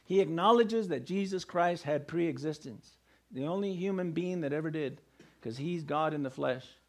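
A man's voice: fairly high pitch, moderate pace. A male pastor preaching a sermon, emphatic and firing rhetorical questions at the congregation.

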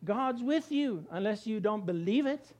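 A man's voice: high-pitched, animated, unhurried, darkish tone. A man preaching a conversational sermon, breaking into acted-out voices and chuckles. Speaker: pastor.

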